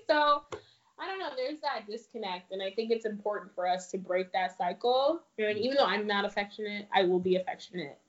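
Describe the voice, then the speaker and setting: A young woman in casual group chat, animated and laughing, full of fillers. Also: mid-range voice, fairly quick, slight background noise. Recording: dull lo-fi audio.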